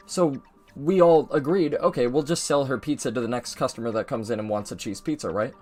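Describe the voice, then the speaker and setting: A young man chats loosely and animatedly, jumping between his own voice and quick impressions of the people in his anecdote. His voice sits in a middle register. Faint game music plays behind him. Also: medium pitch. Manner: rambling, animated, mimics people in his story. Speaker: gaming video host. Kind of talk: casual storytelling over gameplay.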